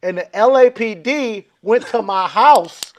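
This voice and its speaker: A man with a high-pitched voice spins a long comic story in a casual chat. He acts out every quote with lively voices and swears freely as he goes. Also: a little slow. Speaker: comedian guest. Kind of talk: storytelling on a comedy podcast.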